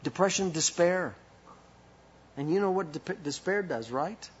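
A man's voice: sits high, animated, unhurried, breathy edge, dull audio. A man preaching a sermon as pastor, with impassioned rhetorical questions and a delivery that rises and falls.

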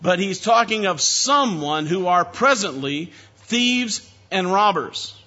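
A man preaches an expository sermon with an emphatic, direct manner, calling out to his listeners. His voice sits high and sounds bright and forceful. The recording is a little dull and lo-fi. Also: expressive, slow pace. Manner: emphatic, addresses listeners as beloved, asks for amens.

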